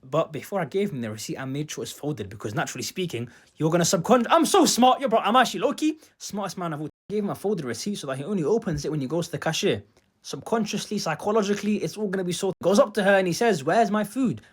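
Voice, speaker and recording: Young man, high voice, very animated pitch, comic storytime vlog, boastful, loud bursts and mumbled asides. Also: quick pace, slightly rough. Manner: animated, boastful, swings between loud outbursts and muttered asides. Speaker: storytime vlogger.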